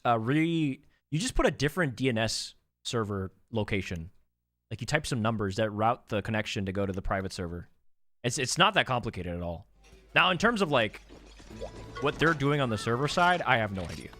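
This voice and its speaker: A man's voice: mid-range voice, very animated, a little fast, a bit bright, no room sound, studio quality. A young man streaming a game, casually chatting and joking with his chat as he plays.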